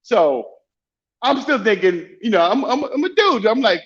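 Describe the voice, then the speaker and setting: An animated man telling stories as a guest, repeating and restarting his phrases as he goes. His voice is somewhat high for a man. The recording sounds muffled and lo-fi. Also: measured pace. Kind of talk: casual storytelling.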